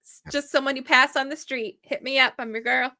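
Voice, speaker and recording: Woman, podcast co-host, excitable playful chat, dry close sound. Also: sits high, brisk, no echo. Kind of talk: casual chat.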